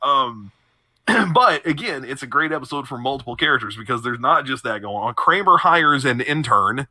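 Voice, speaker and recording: A man's voice: mid-range voice, expressive, moderate pace, pushed and bright, no room sound. A young man on a podcast, animatedly retelling TV episodes and laughing often mid-sentence. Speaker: podcast co-host. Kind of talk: casual chat, recapping TV episodes.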